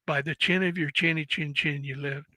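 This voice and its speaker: A man's voice: fairly high pitch, steady tone, normal speed, pushed and bright, no echo, low-quality recording. A man in his seventies, a former Marine, telling war stories in a casual interview with laughs and swearing. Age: 70s. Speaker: guest, former Marine and actor.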